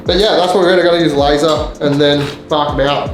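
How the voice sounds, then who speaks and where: A man's voice: a little high, steady tone, fast. A man hosting a renovation vlog, explaining the work in a chatty, joking way, inside a kitchen being rebuilt. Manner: chatty, joking, loose with fillers. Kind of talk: casual on-site explanation. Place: indoor kitchen under renovation. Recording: echoey room with loud music behind.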